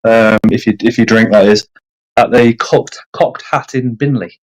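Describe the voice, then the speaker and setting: A man's voice: mid-range voice, fairly even intonation, normal speed, darkish tone, low-quality recording. A man hosting a casual livestream chat, self-deprecating and reading out viewer comments. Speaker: livestream host. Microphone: streaming setup.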